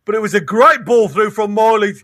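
A man giving excited, partisan live match commentary, his voice going hoarse. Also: high-pitched, no echo. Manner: excitable, rapid, restarts sentences. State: losing his voice. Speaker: fan commentator.

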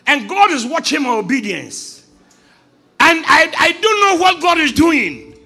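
A man preaching a Sunday sermon, shouting with emphasis and acting out a story with people from the congregation. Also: very high-pitched, sing-song, measured pace, faint music behind. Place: church.

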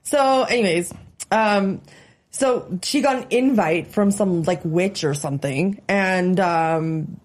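A woman's voice: on the low side, slow pace. A woman co-hosting a podcast, telling a story in casual chat and laughing often.

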